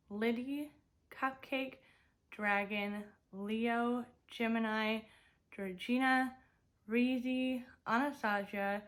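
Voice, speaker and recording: A young woman vlogger chatting casually as she swatches eyeshadow and talks through each makeup step. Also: on the high side. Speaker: beauty vlogger. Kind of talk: casual makeup tutorial talk.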